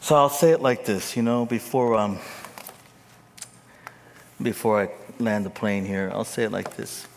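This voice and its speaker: A man preaching a sermon, swinging from loud, high emphatic peaks to low, casual asides. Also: steady tone, unhurried, creaky, long pauses, a little hiss or hum. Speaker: pastor. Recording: long hall reverb.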